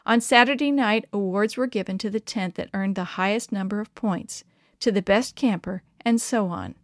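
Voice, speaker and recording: A woman reading a children's story aloud in an expressive, measured way. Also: mid-range voice, no echo, clean studio sound.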